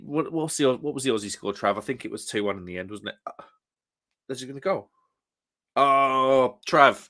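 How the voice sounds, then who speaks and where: A man's voice: on the low side, sharp tone. A British man hosting a casual live stream, chatting easily and reading out viewers' comments. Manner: chatty, reads out viewers' comments, chuckles often.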